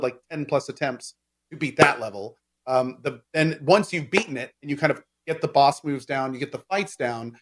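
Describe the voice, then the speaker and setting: A man in casual gaming chat, explaining game mechanics at length with lots of fillers and restarts. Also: a little high. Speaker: game discussion co-host.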